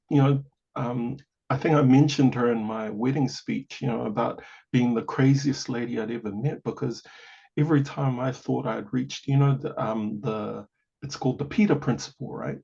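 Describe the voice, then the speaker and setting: A gravelly, husky New man in his forties tells his story as a podcast guest. He keeps it animated and sprinkles his talk with casual asides. The audio sounds a bit dull and lo-fi. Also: mid-range voice, moderate pace. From New Zealand. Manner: animated, acts out quoted voices, many "you know" asides. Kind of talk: personal storytelling in a conversation.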